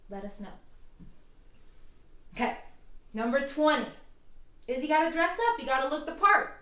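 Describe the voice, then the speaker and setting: A woman's voice: fairly high pitch, fairly bright tone. A woman hosting a self-help vlog, giving casual, enthusiastic advice in a chatty manner. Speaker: herbalist vlog host. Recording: roomy, distant mic.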